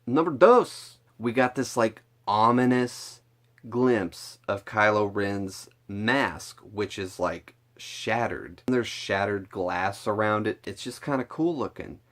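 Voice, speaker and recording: A man with a fairly low voice talks straight to camera in a loose, chatty vlog. He rambles excitedly, swears freely and scatters filler words through his sentences. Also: takes it slowly. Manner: excitable, rambling and profane, with lots of "like". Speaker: vlogger reviewing a film trailer. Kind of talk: casual chat to camera.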